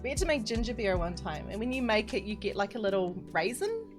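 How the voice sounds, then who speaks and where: A woman with a mid-range voice talks fast, her pitch swinging widely. She's a streamer teaching map building live, chatting and giggling as she reads chat messages between explanations. Background music plays under her voice.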